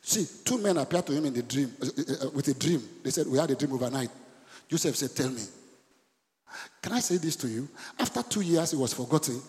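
Animated pastor preaching. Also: male voice, a little fast. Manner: animated preaching with sudden high bursts and call-and-response questions. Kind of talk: sermon. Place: church hall. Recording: church hall with long reverb.

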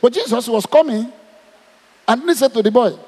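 A man's voice: very high-pitched, normal speed, slightly rough. A man with a Nigerian accent preaching a sermon, asking his congregation question after question. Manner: animated, asks the crowd questions. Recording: long hall reverb.

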